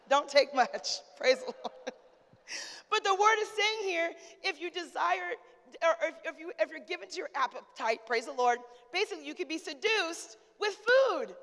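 A woman pastor in her forties, preaching a lively, conversational sermon in a church and calling out to the congregation. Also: very high-pitched, moderate pace. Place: church sanctuary. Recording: church hall with long reverb.

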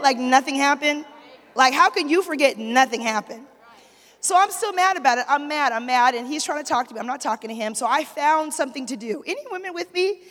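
This is a high-pitched, slightly bright female voice: a pastor's wife giving a sermon in a church sanctuary. She tells a story with plenty of energy and calls out for responses from the congregation, all under a long hall reverb.

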